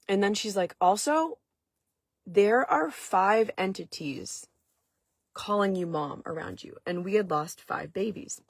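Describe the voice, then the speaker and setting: A woman from Maine tells a long personal story straight to camera, her voice a little husky. She talks casually with plenty of fillers. The sound is dry and close. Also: medium pitch, a little slow, no echo. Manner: chatty, lots of "like" fillers. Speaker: vlog host.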